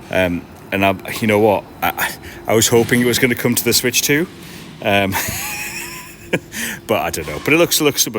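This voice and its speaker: Casting: tired man in his 40s, low voice, rambling chatty stream host, faint hum behind. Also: a bit bright. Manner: rambling and self-deprecating, with frequent restarts. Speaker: card seller and livestream host. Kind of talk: casual live-stream chat. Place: large glass-roofed old station hall, indoors.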